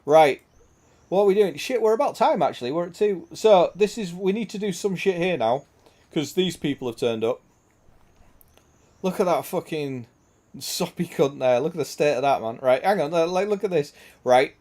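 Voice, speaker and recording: A man's voice: on the high side, lively intonation, normal speed, a little mellow. A young man streaming a game, chatting crudely with lots of swearing and laughter. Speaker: gaming streamer. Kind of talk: casual gameplay chat.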